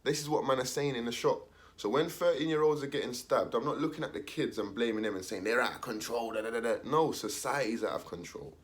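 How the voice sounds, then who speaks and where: A man's voice: mid-range voice, fast. A young man, talking casually in street slang, ranting his opinion and acting out the voices of others. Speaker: commentator.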